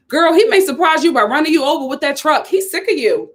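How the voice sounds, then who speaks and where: A woman's voice: high voice, expressive, fast, hardly any pauses. A young woman giving a casual, sassy recap of a reality TV episode, often talking straight to the people on screen. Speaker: reality TV reviewer.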